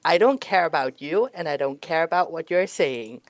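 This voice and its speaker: A woman's voice: sits low, animated, moderate pace, dry recording. A woman voicing a proud, girly young female captain in a cute, innocent, dismissive manner. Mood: cold innocent. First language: Danish.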